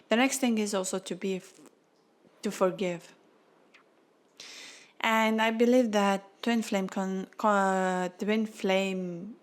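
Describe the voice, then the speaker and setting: A woman's voice: mid-range voice, creaky. A woman hosting a spiritual podcast, speaking earnestly and from the heart, close to tears. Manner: earnest, heartfelt, non-native phrasing. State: tearful, near crying. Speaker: podcast host.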